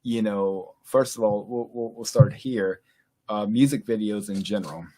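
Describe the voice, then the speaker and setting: A man's voice: lowish voice, normal speed, warm tone. A man from Louisiana hosting a podcast, chatting casually with lots of fillers and frequent laughter. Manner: rambling, laughs often, many fillers. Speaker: podcast host. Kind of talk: casual chat.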